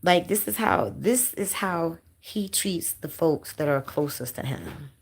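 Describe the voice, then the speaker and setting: Livestream host, woman, low voice, blunt and profane, on the verge of tears. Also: expressive, a little slow, creaky, slightly rough. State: close to crying. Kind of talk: emotional livestream chat with viewers.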